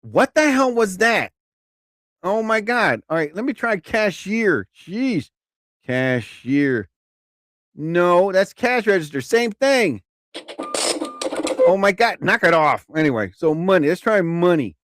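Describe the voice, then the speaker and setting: A man runs a live comedy stream in a rambling, animated monologue and chuckles at his own jokes. His voice sits fairly high and swings widely up and down. The sound is dry and close, with no room around it. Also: takes it slowly, long pauses, dry recording.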